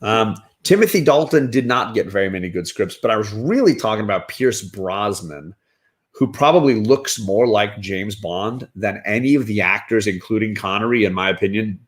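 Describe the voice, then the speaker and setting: A man's voice: lowish voice, expressive, moderate pace. A middle-aged man, a father, chatting casually about films with his daughters, rambling with restarts and fillers. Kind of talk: casual chat.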